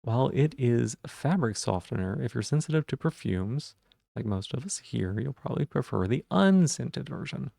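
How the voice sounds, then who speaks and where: A man's voice: mid-range voice, lively intonation, normal speed, creaky, dark tone, dry recording. A man streaming live, chatting casually and playfully while he repeats silly puns and rambles.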